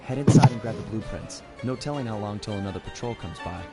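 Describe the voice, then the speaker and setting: A man voicing a low, easygoing undercover thief. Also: fast, lightly acted. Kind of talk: video game cutscene dialogue. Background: faint game music.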